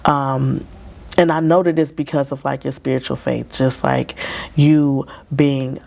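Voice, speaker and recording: Low, gravelly-voiced young woman, chatty. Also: steady tone, measured pace, a little mellow. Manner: candid, chatty, many "like" fillers. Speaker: therapy client, interview guest. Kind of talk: casual interview conversation.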